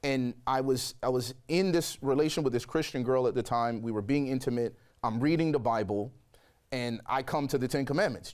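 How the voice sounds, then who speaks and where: Animated storytelling man, mid-pitched. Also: a little fast. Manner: animated storyteller, acts out quoted voices. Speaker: guest sharing a conversion testimony. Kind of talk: storytelling interview.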